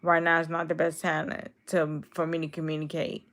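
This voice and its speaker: A young woman from Chicago is streaming live and answering her chat as she goes. Her voice sits a little low and has a gravelly, fried edge, which viewers keep mistaking for a cold. She talks to her viewers directly, in a casual, unscripted way. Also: monotone, brisk, a bit bright. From Chicago, USA. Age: 20s. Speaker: livestreamer.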